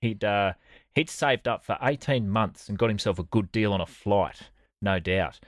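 In a comedic storytelling podcast, the Australian co-host, a man, recounts a tale with sardonic, dry humour and casual swearing. He speaks at a moderate pace in a voice on the low side, with no room sound.

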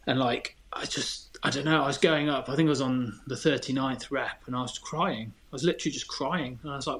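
A man's voice: medium pitch, a little fast, few pauses, fairly bright tone, slight background noise. A man, a podcast guest chatting casually and telling candid, self-deprecating stories. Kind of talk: casual chat.

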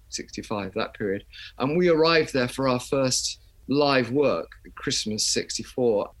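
An older man, a musician guest, telling chatty anecdotes in an interview and laughing as he goes. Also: mid-range voice. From England.

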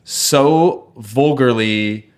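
A man's voice: medium pitch, extremely slow, clear, resonant tone. Rambling casual male podcast co-host. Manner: rambling, hesitant, playful. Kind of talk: casual chat.

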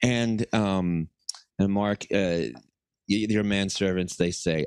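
A man's voice: low-pitched, takes it slowly, darkish tone, clear, resonant tone, no room sound. A young adult man, co-host of a podcast, telling a long story in casual chat, with lots of restarts and little voices for characters. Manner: rambling storyteller with many restarts, slips into silly voices for characters.

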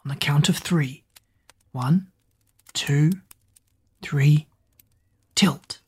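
A woman doing a calm, commanding teenage boy. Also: low-pitched, very slow, breathy edge, full character voice. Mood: soothing. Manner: soothing, hushed, commanding.

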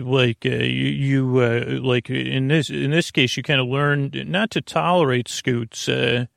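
A man hosting a sleep podcast, talking in a creaky, lulling, meandering way full of tangents and restarts. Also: medium pitch, a bit bright, no echo, clean studio sound. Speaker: podcast host. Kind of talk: rambling bedtime talk.

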